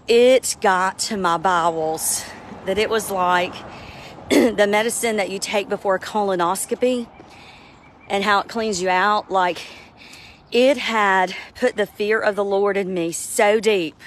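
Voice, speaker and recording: A woman giving an earnest, heartfelt personal testimony as a devotional speaker. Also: mid-range voice.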